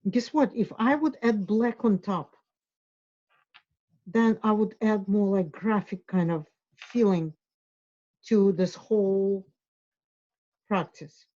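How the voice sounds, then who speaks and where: A woman guides a drawing lesson, encouraging her students as she draws. Her voice is mellow and warm. The recording sounds somewhat dull. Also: mid-range voice, slow, pauses often. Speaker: art instructor.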